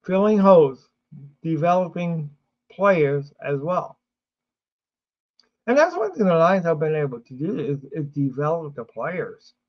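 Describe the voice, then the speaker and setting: Sleepy guy rambling about football on his stream, slow and kinda high, muffled lo-fi audio. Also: animated. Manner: rambling, many fillers and restarts. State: sleepy, yawning. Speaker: sports show host. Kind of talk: casual livestream sports talk.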